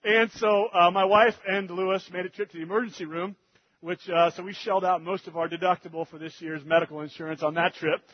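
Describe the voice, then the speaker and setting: A man preaching, telling a family story in an animated way that gets loud and fast in the funny parts. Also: sits high, dull audio. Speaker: pastor. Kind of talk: sermon storytelling.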